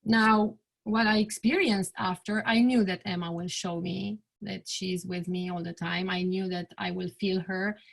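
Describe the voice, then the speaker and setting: Mom in her 40s telling her story, earnest, lots of restarts, trails off quiet. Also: mid-range voice, steady tone, unhurried, gravelly, few pauses. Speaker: bereaved mother sharing her story. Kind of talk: personal testimony talk.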